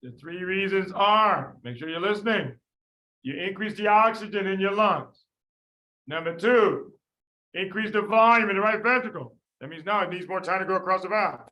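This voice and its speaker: A man tutoring medical students in a lively class, quizzing them by name and repeating the key points. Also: high voice, moderate pace, rough recording. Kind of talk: lively classroom teaching with drills.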